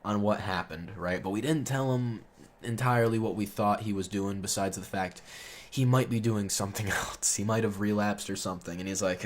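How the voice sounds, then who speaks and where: A young man with a fairly low voice talks fairly quickly through a rambling storytime monologue, with a little hiss or hum in the background. He swears and leans heavily on fillers, growing loud and heated whenever he gets indignant.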